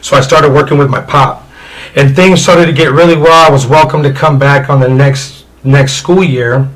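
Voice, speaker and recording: A man's voice: on the high side, steady tone, moderate pace, fairly bright tone, low-quality recording. Rambling man from Indiana, candid storyteller. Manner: rambling, heavy with "you know" fillers. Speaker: guest telling his life story.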